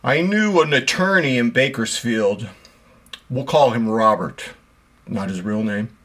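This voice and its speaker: A man's voice: medium pitch, expressive, unhurried, a bit bright. A middle-aged man with a mid-range voice hosts his own watch channel. He rambles casually, poking fun at himself and leaning on fillers as he talks. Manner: rambling, self-deprecating, with frequent fillers. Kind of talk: casual monologue to camera.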